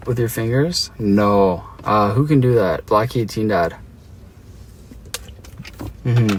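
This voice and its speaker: A man's voice: mid-range voice, slight background noise. Aussie guy livestreaming from his car. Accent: Australian. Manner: playful, chatty, reads and answers chat. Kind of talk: casual live-stream chat.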